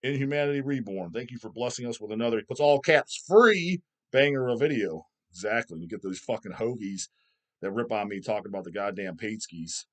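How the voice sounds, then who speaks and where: A man's voice: lowish voice, lively intonation, fairly quick, fairly bright tone. A man hosting his own video channel, ranting and swearing constantly in a mocking, scornful way. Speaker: channel host. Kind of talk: profane rant vlog.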